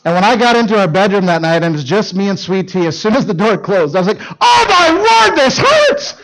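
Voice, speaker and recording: A middle-aged man preaching to teens with a high, light voice. He tells personal stories with lots of energy, dropping to a near hush for serious points and then climbing into loud, excited bursts. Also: fast, low-quality recording. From northern Minnesota. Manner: animated, shifts from hushed to loud shouting in stories. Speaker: youth speaker. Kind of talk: storytelling sermon.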